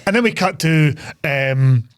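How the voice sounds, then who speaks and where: A man's voice: a little high, measured pace, smooth, no echo. Sweary man retelling a film. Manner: sweary, animated storytelling. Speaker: podcast co-host. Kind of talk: casual film chat.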